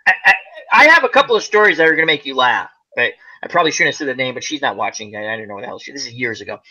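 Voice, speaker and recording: Speaking very fast in a mid-range voice, a middle-aged man hosts a casual group chat. He's an animated storyteller who performs the voices of the people in his tales, and the recording is muffled.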